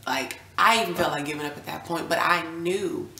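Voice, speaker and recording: A woman's voice: low-pitched, a little fast, a little hiss or hum. A young woman vlogging casually, telling a personal story and acting out what people said, sometimes dropping almost to a whisper. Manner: animated, reenacts quotes, drops to near whisper at times. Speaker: vlogger, new mother. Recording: echoey room with faint ambience.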